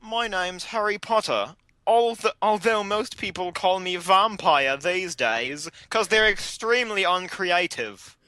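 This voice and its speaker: A shy young male vampire wizard mutters in a mock Australian accent, grumbling and put-upon. A man acts him out in a bright, dry voice. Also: high-pitched, measured pace, hardly any pauses, clear, resonant tone, dry recording, low-quality recording.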